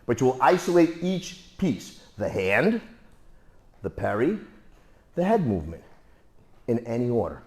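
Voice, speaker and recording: A man's voice: mid-range voice, big pitch swings, measured pace, long pauses. A man teaching martial arts. He coaches students through drills with repeated, emphatic cues and counts out the moves.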